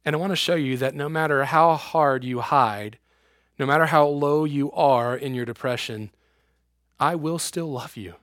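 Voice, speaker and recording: A man voicing a gentle, loving male God who speaks softly and tenderly. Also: a little high, normal speed, no echo, clean studio sound, close to an everyday voice.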